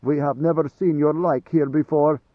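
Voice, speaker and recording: A man voicing a servile, whining village elder in an audiobook, slow and wheedling, querulous when offended. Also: on the high side, steady tone, no echo, phone-quality sound, lightly acted.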